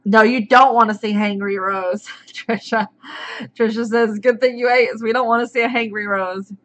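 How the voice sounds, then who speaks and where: A woman's voice: on the high side, fairly even intonation, moderate pace, fairly bright tone, lo-fi sound. A woman hosting a casual live stream, chatting and reading out viewers' names as they come in. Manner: chatty, greets viewers by name.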